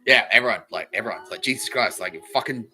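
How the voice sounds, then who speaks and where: A man hosts his own comedy podcast, talking in a loose, rambling monologue that keeps breaking into giggles and swearing. His voice has a bright, forward edge. Faint music sits behind him. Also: fairly low pitch, animated, fast. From Australia. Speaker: podcast host.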